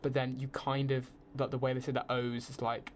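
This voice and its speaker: A young English man in his twenties, guesting on a student podcast. He talks in an easy, rambling way, full of "like" and quick restarts, at a middling pitch, with a faint hiss underneath. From England. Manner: chatty, animated storytelling with frequent fillers. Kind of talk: casual podcast chat.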